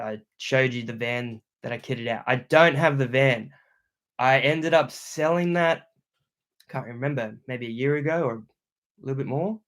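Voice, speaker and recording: Reading viewer comments aloud, the young Australian host keeps his livestream loud, casual and packed with slang. His pitch stays in the medium range.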